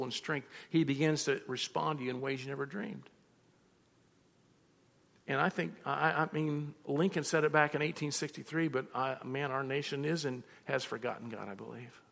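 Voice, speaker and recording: A man's voice: medium pitch, steady tone, moderate pace, gravelly, a bit bright. A man preaching a sermon as a pastor, telling personal stories and acting out both sides of conversations. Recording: reverberant hall.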